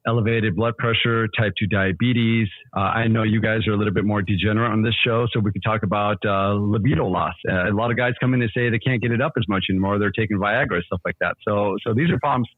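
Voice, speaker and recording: A man, a sleep doctor, explaining health risks in a quick, easygoing way, often restarting with "so, so". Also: lowish voice, no echo, narrow, tinny audio. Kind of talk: explanatory casual talk.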